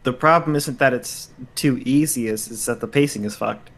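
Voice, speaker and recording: A man's voice: medium pitch, normal speed, vocal fry, fairly bright tone. A man on a casual gaming podcast, giving blunt, matter-of-fact opinions. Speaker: podcast co-host.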